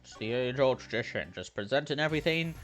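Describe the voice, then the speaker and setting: A man's voice: mid-range voice, fast talker, soft background music. A man casually commenting while playing a game, swearing freely and reading lines aloud. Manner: animated, swears freely, reads dialogue aloud. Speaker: game streamer. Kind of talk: casual let's play commentary.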